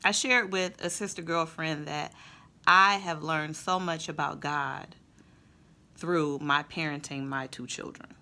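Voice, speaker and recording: A woman and mother telling a family story in a casual, expressive way, then drawing a faith lesson from it. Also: low-pitched, a little slow. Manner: conversational, expressive, with fillers. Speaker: mother and Christian vlogger.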